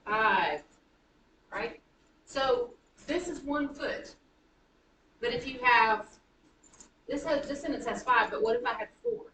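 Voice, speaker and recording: A woman teaching a high school writing class, chatty and self-correcting as she taps out rhythms aloud. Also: expressive, takes it slowly, long pauses, bright, forceful tone. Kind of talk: classroom lecture. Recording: roomy classroom from a distance, faint noise.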